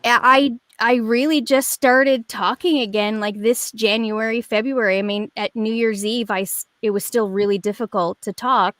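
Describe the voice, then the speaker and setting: A woman in her forties, on as a guest, tells a long story over a video call. She rambles and restarts, full of fillers and lively asides. Her voice sits a bit high, and the sound is dry and close. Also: normal speed, few pauses, no echo. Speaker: guest performer. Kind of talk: casual chat.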